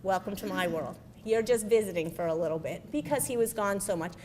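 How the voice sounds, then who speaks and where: A middle-aged woman giving a lively personal storytelling speech as a military spouse, animated and full of quoted dialogue. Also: medium pitch, fairly quick, slight background noise.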